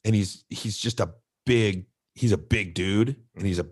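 A man's voice: lowish voice, measured pace, a little mellow, slightly rough. A middle-aged man, co-hosting a casual podcast and animatedly telling a youth baseball story, acting out the voices of kids and coaches.

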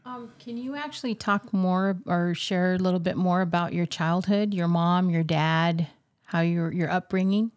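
A woman interviewing a guest, gently prompting him with questions. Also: lowish voice, normal speed.

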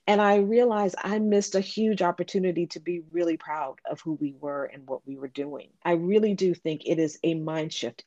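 A middle-aged woman telling a personal business story on a podcast, earnest and animated, acting out quoted conversations. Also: fairly low pitch, no room sound, lo-fi sound. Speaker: podcast guest, business owner. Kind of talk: reflective storytelling.

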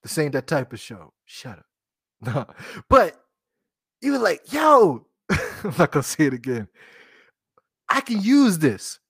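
A man's voice: medium pitch, big pitch swings, measured pace, creaky, pauses often, fairly bright tone, husky, dry recording, studio quality. A man hosting a podcast, chatting casually about cooking, joking, laughing at himself and talking straight to his listeners. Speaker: podcast host.

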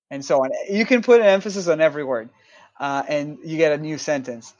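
A man's voice: a little high, fairly quick, a little mellow, dry recording. A man from Israel, a composer guest in a casual interview, explaining his work thoughtfully with many fillers and restarts.

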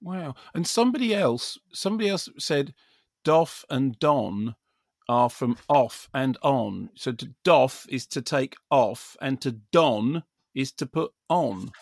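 Male film critic co-host, excitable, stumbling restarts, dead-dry cupboard sound. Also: medium pitch, takes it slowly, no room sound. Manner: enthusiastic, stammering restarts, laughs often. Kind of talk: casual chat. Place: shoe cupboard at home.

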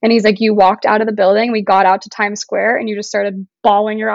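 A woman's voice: mid-range voice, little pitch movement, fairly quick, few pauses, no echo. Young woman guest, casual and chatty, emotional at times; dull, dry recording. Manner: chatty, lots of "like", gets emotional. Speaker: podcast guest, singer-songwriter. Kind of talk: casual interview chat.

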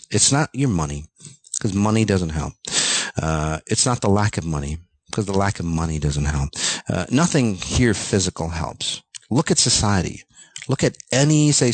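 Deep-voiced man ranting bluntly. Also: breathy edge, no echo. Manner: ranting, blunt, swears, many fillers. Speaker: self-help speaker. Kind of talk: unscripted motivational monologue.

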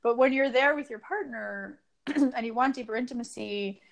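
A woman's voice: fairly high pitch, normal speed, gravelly. Woman, relationship coach guest, earnest, explanatory, casual fillers. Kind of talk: casual advice in conversation.

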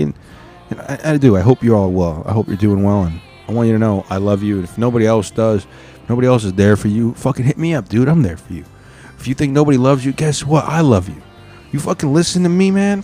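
A man's voice: medium pitch, mellow. A man hosting a podcast, signing off in a casual, profane and emphatic pep talk. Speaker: podcast host. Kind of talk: casual sign-off.

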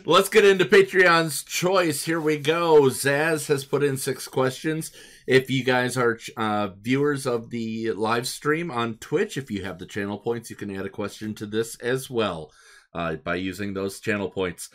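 A man hosts a relaxed podcast chat and briskly reads listener questions to his co-hosts. His voice sits at an ordinary middle pitch, and his delivery is plain and businesslike. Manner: brisk, moves the show along. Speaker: podcast host.

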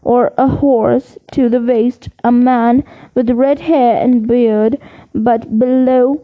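A woman reads a children's novel aloud at a slow, steady pace, now and then stumbling on a word. Her voice sits high. The recording sounds muffled and lo-fi. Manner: steady read-aloud with occasional slips. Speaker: audiobook reader. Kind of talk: storybook narration.

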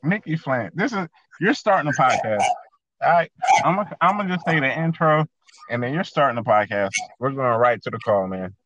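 Excitable podcast co-host man, lo-fi sound. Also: medium pitch, a little fast, no room sound. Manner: excitable, repeats himself. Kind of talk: casual podcast talk.

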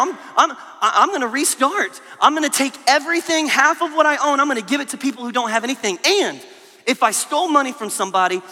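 A man puts on a short tax collector full of remorse and eagerness. He pleads in earnest, his voice high and bright. A long reverb trails each line. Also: exaggerated voice.

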